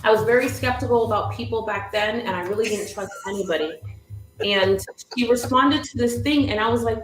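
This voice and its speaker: Woman host, animated storyteller, high voice, echoey room, faint background noise. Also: a little fast. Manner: animated, laughing often, vivid storytelling. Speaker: business coach, show host. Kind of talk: livestream storytelling.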